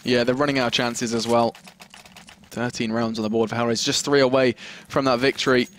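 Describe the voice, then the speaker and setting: A man's voice: mid-range voice, level tone, fairly quick, fairly bright tone, a little hiss or hum. A man giving live esports commentary on a headset mic, analytical in tone and speeding up when the action builds.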